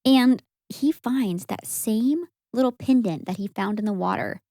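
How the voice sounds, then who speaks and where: A young woman co-hosting a podcast, recapping a movie in casual chat and acting out the characters' lines in an animated way. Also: fairly high pitch, a little slow, no room sound, studio quality. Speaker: podcast co-host.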